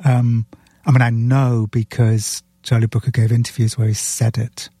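A man's voice: mid-range voice, little pitch movement, moderate pace, mellow, no echo. A man talking as a guest in a podcast conversation, earnestly retelling a story scene by scene. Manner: sipping beer while talking. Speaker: author guest.

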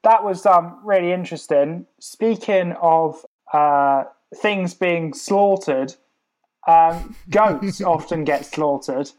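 Indignant, swearing podcast host. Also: male voice, a little high, slow, darkish tone, poor audio. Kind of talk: comic podcast chat.

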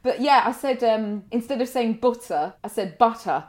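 A woman with a northern English accent, chatting in an animated way and laughing through her stories. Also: on the high side, moderate pace, a loud crowd. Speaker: podcast co-host. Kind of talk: casual chat.

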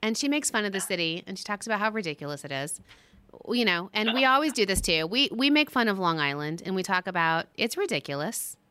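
A woman's voice: medium pitch, very animated, fast talker, pushed and bright, slight background noise. A middle-aged woman from the US West Coast hosting a casual chat, enthusiastic and chatty, often restarting her sentences. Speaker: host.

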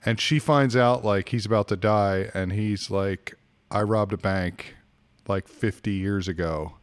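A man with a fairly low voice, talking loosely as a podcast co-host. He rambles, backtracks and restarts while he recommends shows in relaxed chat. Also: a little slow, clear, resonant tone. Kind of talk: casual chat.

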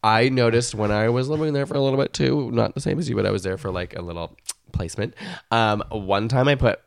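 A man's voice: mid-range voice, fairly quick, creaky, no echo, studio quality. A young man co-hosting a podcast in casual chat, explaining a health story in an easygoing, hesitant way. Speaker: podcast co-host.

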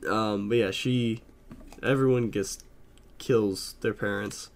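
A man's voice: fairly low pitch, steady tone, takes it slowly, a little hiss or hum. A man co-hosting a podcast in casual chat, rambling with many fillers and swears. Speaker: podcast co-host.

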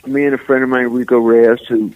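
An older man from San Francisco, a musician guest, telling rambling, animated stories full of "man" and "you know.". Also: medium pitch, brisk, phone-quality sound. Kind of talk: casual storytelling interview.

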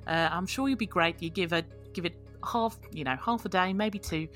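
A woman voicing a gentle male halfling ship's doctor, soft and rambling. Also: mid-range voice, animated, moderate pace, faint music behind. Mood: kindly.

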